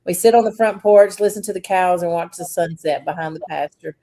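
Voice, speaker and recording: A woman's voice: fairly low pitch, brisk. Chatty woman co-host. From Southern US. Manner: chatty storyteller, animated when telling stories, laughs often. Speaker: podcast co-host. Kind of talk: casual chat.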